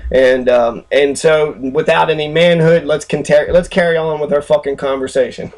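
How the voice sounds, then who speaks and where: Talking over a screen recording, a man who hosts the channel vents in a furious, profane rant that wanders, brims with fillers, and carries a sarcastic, mocking bite. He speaks in a slightly high, steady tone at a moderate pace with few pauses.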